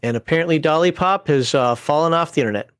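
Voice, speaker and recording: A man's voice: fairly high pitch, fast talker, fairly bright tone, clean tone, no room sound. A man hosting a livestream panel show, reading viewer comments aloud and giving wry, opinionated takes with frequent fillers.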